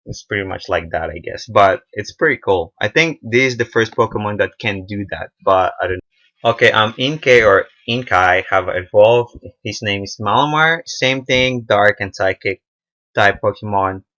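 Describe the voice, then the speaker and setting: A young man giving casual, unscripted commentary on a game trailer, halting often with fillers and restarts. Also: fairly low pitch, sharp tone, muffled recording. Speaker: gaming video reviewer.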